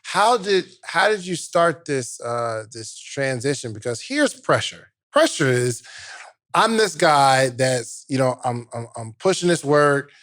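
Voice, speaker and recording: A man's voice: medium pitch, very animated, unhurried, a bit bright. Man hosting a casual interview. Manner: conversational, prompting questions. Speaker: podcast host.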